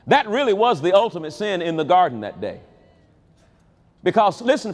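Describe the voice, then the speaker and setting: A man preaching a sermon at a large convention, with an animated delivery that swings between loud high calls and low quiet asides. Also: a little slow, long pauses. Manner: animated preaching with wide swings in pitch and loudness. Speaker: pastor.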